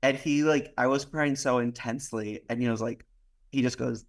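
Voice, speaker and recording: Medium-pitched with fairly even intonation and a moderate pace, a young podcast guest from Miami, United States, shares a personal anecdote. The chat is loose and meandering, full of "like," acted-out quotes and occasional swearing, recorded on a podcast microphone.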